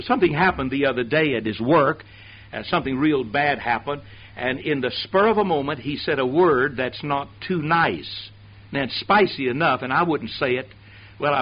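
A man preaching a sermon who calls on the congregation to answer him aloud. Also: medium pitch. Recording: dull lo-fi sermon tape.

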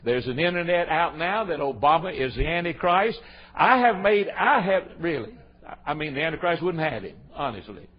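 A man's voice: very animated, normal speed. Man, emphatic folksy preacher, dull lo-fi sound. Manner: folksy and emphatic, swings between loud exclamations and low asides. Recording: dull lo-fi sermon recording.

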